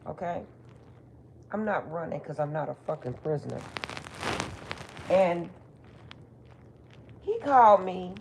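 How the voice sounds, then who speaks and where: A woman's voice: fairly low pitch, vocal fry, darkish tone, a little hiss or hum. A middle-aged woman, a spiritual reader, telling a personal story in a blunt, emphatic, profane way. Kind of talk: casual storytelling monologue.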